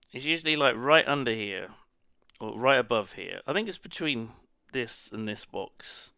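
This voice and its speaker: A man's voice: medium pitch, expressive, measured pace, creaky, pushed and bright, no room sound, studio quality. A man chatting casually to his stream audience, rambling as he reacts to chat and swearing now and then. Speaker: live streamer.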